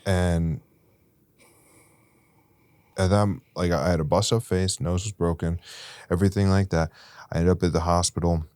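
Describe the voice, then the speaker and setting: A young man with an extremely deep voice tells a rambling, candid recovery story into a podcast mic. The sound is close and dry, with no room around it, and his voice climbs loud and intense at the peaks. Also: steady tone, normal speed, long pauses, clean tone, dry recording. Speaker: podcast guest.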